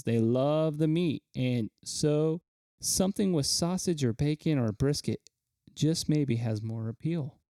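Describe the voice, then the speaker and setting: A man's voice: medium pitch, mellow, no room sound, clean studio sound. A man co-hosting a casual podcast chat, reading out fun facts with enthusiasm and stumbling over words now and then. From Kansas. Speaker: podcast co-host.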